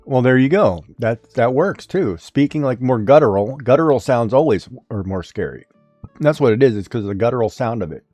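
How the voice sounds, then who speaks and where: A man co-hosting a casual chat, explaining his points with deadpan humor. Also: medium pitch, fairly quick, no echo, soft background music. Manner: explaining, dryly joking.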